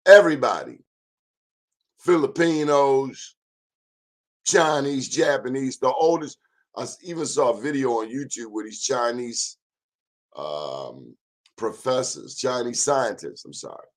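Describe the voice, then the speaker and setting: A man's voice: mid-range voice, lively intonation, measured pace. A man in his fifties hosting an informal history talk, emphatic and repetitive, urging listeners to check the facts themselves. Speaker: host.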